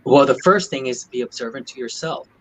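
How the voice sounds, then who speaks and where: A man's voice: mid-range voice, fast talker, a bit bright, poor audio. A man who is a doctor, talking on a video panel and telling a personal story in an earnest way. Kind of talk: video call chat.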